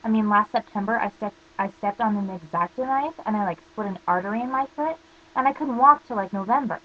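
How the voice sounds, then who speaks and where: A woman's voice: medium pitch, a little fast, lo-fi sound, a little hiss or hum. A teenage girl ranting casually to camera, rambling through stories full of "like" fillers. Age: teens. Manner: rambling storytelling, constant "like" fillers. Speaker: vlogger.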